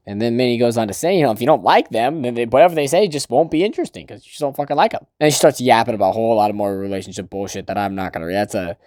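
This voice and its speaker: A man casually recapping a manga chapter, swearing freely and laughing as he reads out lines in quick put-on voices. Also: mid-range voice, darkish tone, no echo, clean studio sound. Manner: loose, profane, laughing, puts on character voices. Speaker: manga reviewer.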